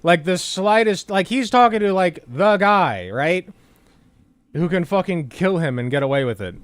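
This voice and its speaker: Sarcastic high-voiced male commentator. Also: lively intonation, moderate pace, dry recording. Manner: sarcastic, swears casually, lots of fillers. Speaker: political commentary YouTuber. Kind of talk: casual commentary, reading news aloud.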